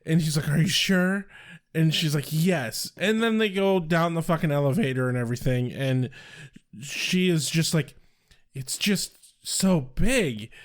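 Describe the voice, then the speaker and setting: Lively dry-humored podcast man. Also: fairly high pitch, a little slow. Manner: dry, laughing, swears casually. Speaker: podcast co-host. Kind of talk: casual chat.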